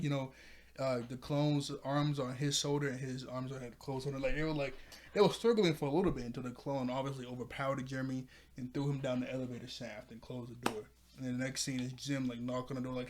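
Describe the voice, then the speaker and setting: A man's voice: medium pitch, fast talker, a little mellow, slight background noise. A man casually recapping a cartoon episode. He rambles, repeats himself and laughs a lot.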